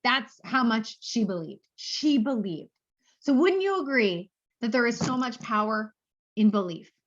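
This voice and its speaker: A woman's voice: on the high side, lively intonation, unhurried, muffled recording. Bubbly woman giving a pep talk. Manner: bubbly, gushing, repeats phrases for emphasis. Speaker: sales director giving a motivational talk.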